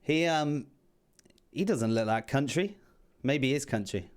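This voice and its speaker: A man hosting a music reaction video, chatting excitedly and swearing freely. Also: medium pitch, measured pace. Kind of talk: casual reaction commentary.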